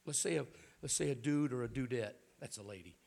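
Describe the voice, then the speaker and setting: A man's voice: mid-range voice, fairly quick, gravelly, a little mellow. An older man with a Southern accent preaching a sermon in a folksy, joking way. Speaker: bishop preaching.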